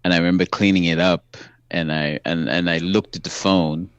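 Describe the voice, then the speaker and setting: Calm, laughing man telling stories. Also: sits low, moderate pace, clean tone, no room sound, lo-fi sound. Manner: calm, matter-of-fact storyteller who laughs often. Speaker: actor guest. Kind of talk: casual anecdote telling.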